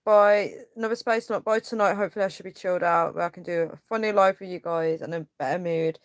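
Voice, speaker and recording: Casting: young woman, lowish voice, dry close sound, rambling livestream chat full of fillers. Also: steady tone, fast talker, clean tone, no room sound. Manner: rambling, filler-heavy, frustrated venting. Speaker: livestream host. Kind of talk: casual livestream chat reading comments.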